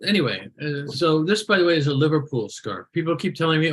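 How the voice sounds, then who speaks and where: A man's voice: a little high, very animated, quick pace, a bit bright, slight background noise. A man hosting a comedy show over a video call, roasting people with sarcastic jokes. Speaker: show host.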